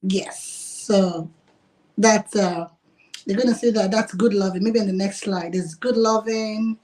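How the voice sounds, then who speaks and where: A woman's voice: medium pitch, fairly even intonation, unhurried, a little mellow. Woman restaurant owner, casual and giggly, talks on a video call. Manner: chatty, laughs often, uses "like" a lot. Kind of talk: casual interview.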